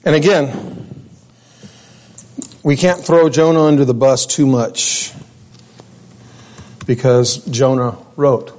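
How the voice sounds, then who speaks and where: A man's voice: mid-range voice, steady tone, slow pace, long pauses, a little mellow, slight background noise. A male pastor giving a sermon in a conversational way, with asides and restarts.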